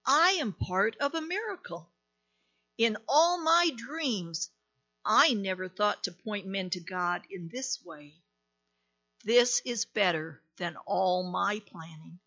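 A woman's voice: medium pitch, expressive, takes it slowly, sharp tone, lo-fi sound, heavily acted. A woman voicing a little tree turned into a cross, pleading and whispering in a storybook tale. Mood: awed joy. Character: little male tree made into a cross, sorrowful.

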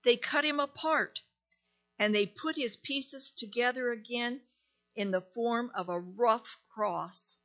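Female storyteller, gentle and deliberate, high and clear, muffled lo-fi recording. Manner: gentle, deliberate, dramatic pauses. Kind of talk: slow storybook reading.

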